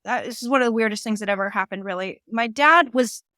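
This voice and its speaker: A woman, a medium, telling a story casually in an animated way and quoting people in little voices. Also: fairly high pitch, quick pace, no room sound. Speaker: guest medium and tarot reader.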